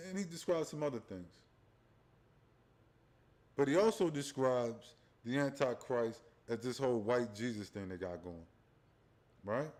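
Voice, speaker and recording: A man's voice: mid-range voice, a little mellow. A man hosting a profane religious commentary livestream, rambling and talking straight to his viewers, often tacking on "right?". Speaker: livestream host.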